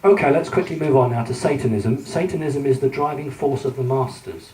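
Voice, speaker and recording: A man's voice: mid-range voice, fairly quick, mellow. A British man giving a conference talk with slides, earnest and warning, with many fillers and restarts. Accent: British English. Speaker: conference speaker. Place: large conference hall. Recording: echoey hall from far off, faint hiss.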